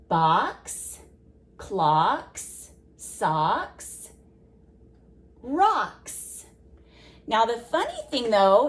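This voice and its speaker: A woman teaching a children's phonics lesson, sounding out words slowly and asking gentle questions of a young listener. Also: medium pitch. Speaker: preschool teacher.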